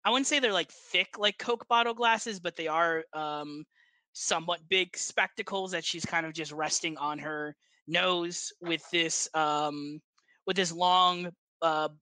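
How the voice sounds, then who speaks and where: A game master narrates a tabletop game with a loose, rambling flow full of pauses and restarts. The voice is bright and sits close in a dry recording. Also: medium pitch, no echo. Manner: rambling, many fillers and restarts.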